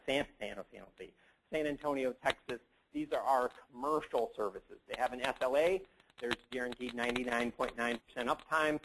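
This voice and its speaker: A man's voice: medium pitch, low-quality recording. A man giving a casual, joking conference talk, rambling with lots of fillers and asides. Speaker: conference presenter.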